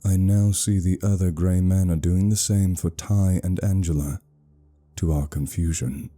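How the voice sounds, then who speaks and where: A man telling a first-person horror story in a measured, somber storytelling voice. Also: low-pitched, steady tone, dark tone. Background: faint music.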